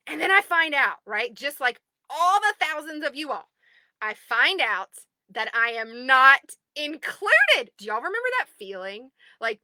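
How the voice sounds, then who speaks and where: A woman in her thirties, the owner of an online group, chatting excitedly on a livestream from home and greeting viewers by name. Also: sits high, noisy background. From United States. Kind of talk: casual livestream chat.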